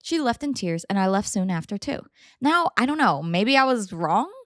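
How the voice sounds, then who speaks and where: A young adult woman hosting a podcast, reading stories aloud and reacting with animated, indignant, dramatic commentary. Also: medium pitch, normal speed, no room sound, studio quality. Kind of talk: casual story reading and commentary.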